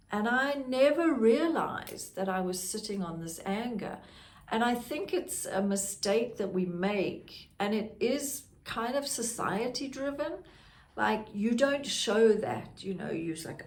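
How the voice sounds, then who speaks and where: A middle-aged grief guide from South Africa, who hosts a podcast, reflects candidly on her own story. She sounds a little high and animated, and she takes her time.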